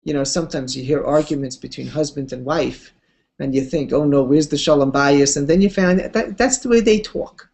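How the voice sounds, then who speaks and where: A woman giving a Torah class, telling stories in an unhurried, conversational way with expressive swings of pitch and casual asides. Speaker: Torah teacher. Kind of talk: Torah class lecture with storytelling.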